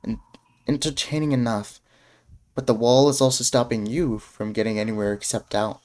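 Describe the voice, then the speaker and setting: A young man playing a gamebook on stream, reading its text aloud and breaking off into excited, rambling asides. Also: medium pitch, normal speed. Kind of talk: casual let's-play narration.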